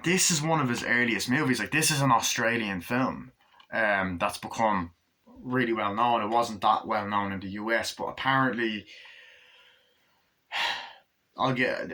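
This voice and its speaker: Low-ish guy ranting about a movie, punchy bright voice, swears a lot, keeps restarting. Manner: enthusiastic, heavy swearing, rambling with restarts. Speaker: movie reviewer. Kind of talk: casual movie review.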